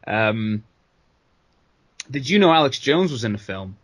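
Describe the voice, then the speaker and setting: In relaxed banter on the wrestling podcast he co-hosts, a man speaks at a measured pace while his medium-pitched voice swings widely in pitch. His talk is loose and packed with profanity, filler words, and goofy impressions of what others said.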